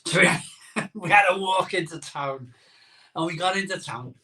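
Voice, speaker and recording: A man hosts a live beer-drinking stream and tells a story in a loose, rambling way, often repeating his words. His voice sits a bit high and sounds bright. He is heard from some distance from the microphone. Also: normal speed. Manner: chatty, rambling, repeats phrases.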